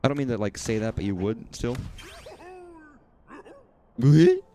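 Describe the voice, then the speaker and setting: A man's voice: medium pitch, expressive, a little slow, dark tone. A young man casually commentating a video game, rambling and swearing with jokey asides. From southern US. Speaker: gaming streamer. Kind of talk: casual let's-play commentary. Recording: faint game music behind.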